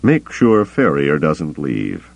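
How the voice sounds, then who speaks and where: Man playing a calm smuggler captain, very deep, gravelly, measured, audiobook. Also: heavily acted. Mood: curt. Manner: measured, deliberate.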